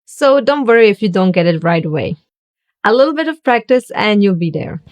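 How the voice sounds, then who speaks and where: A woman giving a scripted language lesson, speaking slowly and deliberately as she demonstrates each sound. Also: medium pitch, animated, darkish tone. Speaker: German teacher.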